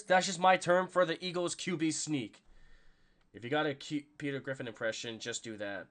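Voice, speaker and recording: A man hosting a podcast, reacting to a live game, rambling with lots of fillers and jumping into excited play calls. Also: a little high, moderate pace, a little hiss or hum. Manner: rambling and self-conscious, full of fillers. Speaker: podcast host.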